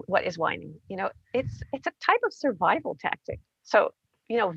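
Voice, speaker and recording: A woman guest author explaining parenting ideas in casual chat, animated and often checking in with "right?". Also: medium pitch, gravelly, husky, no room sound, lo-fi sound. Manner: animated, peppered with "you know" and "right?".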